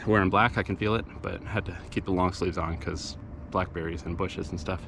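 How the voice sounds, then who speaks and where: Low male voice, rambling outdoor vlog narration, matter-of-fact, faint background noise. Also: fairly even intonation, brisk, creaky. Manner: rambling, matter-of-fact, with many fillers and restarts. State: out of breath after a hill climb. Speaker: volunteer litter picker and channel host. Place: outdoors in woods and by a roadside.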